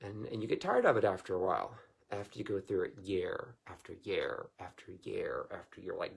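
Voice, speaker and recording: A man's voice: on the low side, expressive, moderate pace, creaky, breathy edge. A man preaching informally to viewers, rambling in a folksy way and chuckling often. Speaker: Christian minister.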